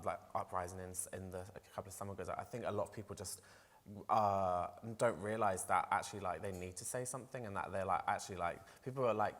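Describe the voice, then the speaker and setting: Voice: low voice, fairly bright tone. A trans presenter speaking on a festival panel, talking casually and passionately with many "like"s and restarts. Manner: casual, run-on speech full of "like" and restarts; passionate and emotional. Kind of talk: panel discussion. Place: festival panel on a stage in a large hall. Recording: long hall reverb.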